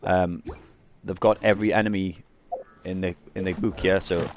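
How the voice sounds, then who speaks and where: A man with a lowish voice talks loosely through a gameplay tutorial, often restarting his sentences. He keeps coughing and clearing his throat between points, and a faint hiss of noise sits under his voice. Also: little pitch movement, normal speed, dull audio. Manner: rambling, self-correcting, frequent coughs and throat clearing. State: coughing after eating garlic. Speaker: gaming streamer.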